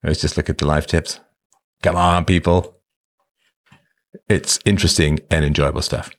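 A man's voice: extremely low pitch, little pitch movement, moderate pace. A man hosting a livestream, reading chat and talking casually in a wry, self-mocking way. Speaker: show host reading chat.

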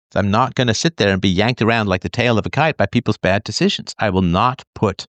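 A man's voice: fairly low pitch, fairly bright tone, no echo. A middle-aged man hosting a podcast, speaking bluntly and emphatically, sometimes mimicking whiny people. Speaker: podcast host. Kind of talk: monologue to listeners.

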